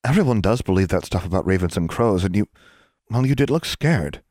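A man's voice: deep voice, expressive, a little fast, darkish tone, no room sound, clean studio sound. A man voicing an earnest, bookish young witch girl explaining things in an audiobook. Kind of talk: audiobook character voice.

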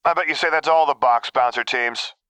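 A man's voice: fairly high pitch, fairly quick, pushed and bright, clean tone, dry recording, pitched above the performer's own voice. A man voicing a joking male soldier who hams up every line with exaggerated, overly dramatic delivery. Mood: teasing. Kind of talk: audiobook character voice.

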